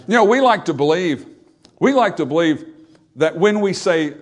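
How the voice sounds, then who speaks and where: A male pastor preaching a sermon, emphatic, asking the congregation rhetorical questions and building up loudly as he quotes scripture. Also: sits high, expressive, normal speed.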